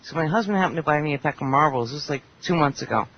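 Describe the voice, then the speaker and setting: A woman's voice: low-pitched, racing, a crowd in the background. A woman chatting bluntly and at length on a roundtable talk show. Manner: blunt, talkative, quotes people in animated voices. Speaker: panelist. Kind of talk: casual roundtable chat. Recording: dull internet radio with faint hiss.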